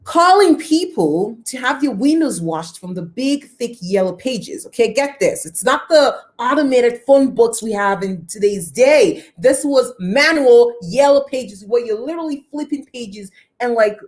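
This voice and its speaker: Animated woman telling her life story. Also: a little slow, few pauses. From lives near Toronto. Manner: animated, greets viewers by name, dramatic pitch swings. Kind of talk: personal storytelling live stream.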